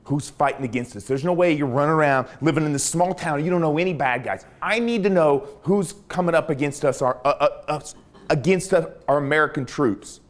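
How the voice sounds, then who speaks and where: A man's voice: on the high side, brisk. A middle-aged man, a former army interrogator, telling a story from his service and acting out the dialogue. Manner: animated storyteller, acts out dialogue. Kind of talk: storytelling talk.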